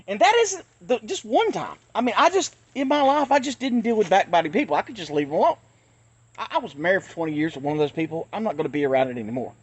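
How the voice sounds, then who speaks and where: A man's voice: high-pitched, very animated, fast, fairly bright tone. Man, blunt and ranting, repeats himself, handheld phone recording outdoors. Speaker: channel host. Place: outdoors near traffic.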